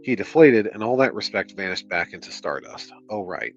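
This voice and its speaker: Exasperated low-voiced man reading aloud. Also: animated, moderate pace, lo-fi sound, soft background music. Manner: exasperated, sarcastic, swears a lot. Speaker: streamer reading a book aloud. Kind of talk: reading aloud with profane commentary.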